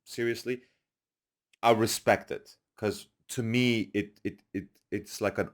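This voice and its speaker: A young guest on a podcast, unhurried and somewhat low-voiced, shares stories in a casual manner, bringing others' words to life by loudly acting them out.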